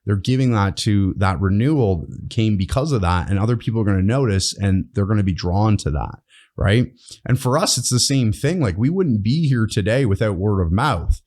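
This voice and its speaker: A man's voice: on the low side, animated, moderate pace, a little mellow. A man who founded a training course, talking earnestly as a podcast guest and often checking in with "right?". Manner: earnest, explains with frequent "right?" tags. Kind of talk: casual interview chat.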